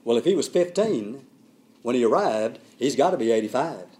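Preacher booming, then hushing. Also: male voice, lively intonation, moderate pace. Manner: emphatic preaching, swinging between booming and hushed. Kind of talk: sermon.

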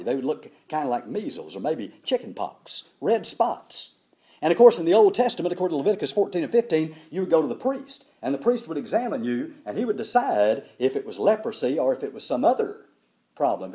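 A man preaches with a mellow, dark voice that sits a little high for a man. His delivery swings widely in pitch, rising for emphasis and dropping low at the ends of phrases. He leans on repeated words to drive his points home. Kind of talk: sermon.

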